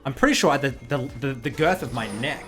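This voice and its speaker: A man's voice: medium pitch, fast talker. A young man, telling a story to his stream in casual, swearing chat. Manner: swears a lot, animated retelling.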